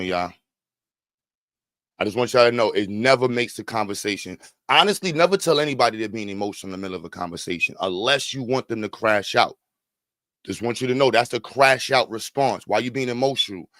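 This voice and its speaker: A man hosting a podcast, giving casual commentary on a clip and swinging between calm talk and loud, profane outbursts. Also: fairly low pitch, brisk, dry recording, clean studio sound. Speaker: podcast host.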